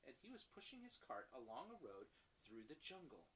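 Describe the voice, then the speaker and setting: A father reading a picture book aloud to his young daughter, animated and stopping to explain words. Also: mid-range voice, moderate pace, a little hiss or hum, poor audio.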